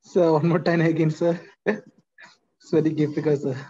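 A man's voice: on the high side, steady tone, a little slow, warm tone, husky. A man, a student on an online class, politely asking the teacher to repeat, heard over a video call. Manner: polite, apologetic, asks for repeats. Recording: dull lo-fi video call audio.

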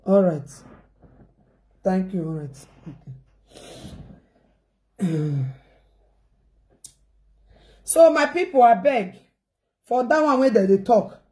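A woman's voice: medium pitch, mellow. A woman with a Nigerian accent talking casually to her viewers in a rambling, repetitive way, mixing in pidgin phrases.

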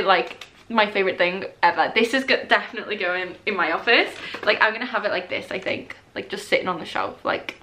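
A young woman chatting casually in a book unboxing vlog, excitable and gushing, often laughing as she talks. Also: mid-range voice, a little fast, slight background noise. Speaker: book vlogger. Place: indoors at home, rain outside.

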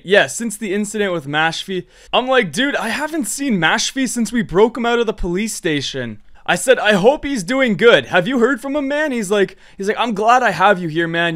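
A man giving excited, slangy commentary over a role-play game, reading other players' chat aloud. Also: high voice. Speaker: gaming creator.

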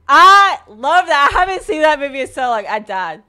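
This young Mississippi streamer sounds high-pitched, pushed and bright, swinging widely in pitch and talking at normal speed with few pauses. She chats casually with viewers over a desktop USB mic while sim racing at home, laughing often and swearing now and then.

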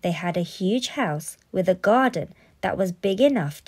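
A woman reading a children's storybook aloud in a playful, expressive way. Her pitch moves a lot, and she takes her time over every line. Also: a little slow, hardly any pauses, husky.

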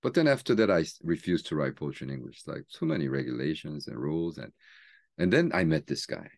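Deep-voiced man reading poems aloud. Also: expressive, vocal fry. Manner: chatty and conversational, reading poems aloud slowly and softly. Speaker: seminary teacher and pastor. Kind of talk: book talk with poetry reading.

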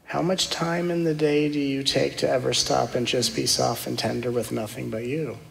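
A man, a spiritual teacher, leading a guided meditation in a soft, slow, gently reassuring way, repeating affirmations. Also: mid-range voice, level tone, vocal fry, slight background noise. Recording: long hall reverb.

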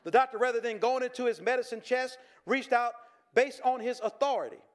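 A pastor preaching a sermon in a conversational way, with stammered restarts and quick chuckles. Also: male voice, extremely high pitch.

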